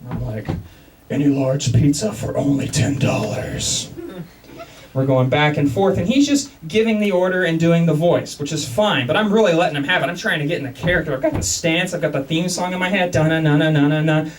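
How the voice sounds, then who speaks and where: A man from Texas performs a stand-up set in a small club, self-mocking and animated. His pitch swings widely from line to line, and he sounds a little distant from the microphone, with the room around him. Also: fast, hardly any pauses. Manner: self-mocking, animated, repeats words when starting sentences. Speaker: stand-up comedian. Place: comedy club basement, live audience.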